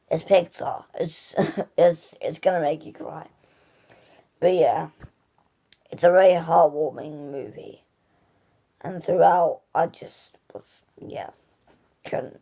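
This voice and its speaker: Woman reviewer, unhurried and gravelly, gushy rambling delivery full of fillers. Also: on the low side, warm tone. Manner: gushing and rambling, full of "like" and restarts. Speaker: movie reviewer. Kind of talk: casual spoken film review.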